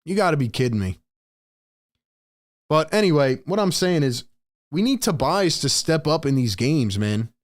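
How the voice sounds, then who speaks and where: A young American man with a fairly high voice calls the plays on a live stream and vents to the chat. He talks in blunt, casual slang, frustrated and direct. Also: sing-song, moderate pace, pauses often. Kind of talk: live play-by-play and reaction stream.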